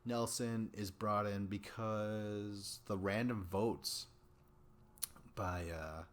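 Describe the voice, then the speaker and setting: Male podcast host, young adult, low-ish voice, casual rambling delivery, swears a lot. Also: fairly even intonation, drawn-out words, fairly bright tone. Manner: rambling, profane, chatty with many fillers. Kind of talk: casual solo recap chat.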